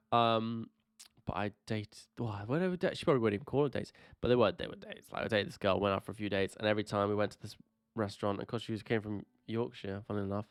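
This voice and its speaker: A man with a lowish, creaky yet clear and resonant voice co-hosts a casual podcast, rambling through stories, laughing a lot and swearing freely. The recording is dry with no room sound, though faint music plays underneath.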